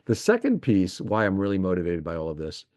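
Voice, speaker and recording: Lower-voiced man, eager and explanatory. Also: wildly swooping pitch, a little fast, darkish tone, no room sound. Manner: eager, explanatory, piles up examples. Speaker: investment executive, podcast guest. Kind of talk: podcast interview.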